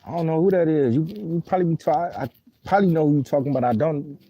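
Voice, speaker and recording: A man's voice: a little high, fast talker, gravelly, dark tone, dry recording, low-quality recording. A man casually telling a story on a live stream, rambling in heavy street slang and cursing while he answers viewer comments. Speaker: livestream host.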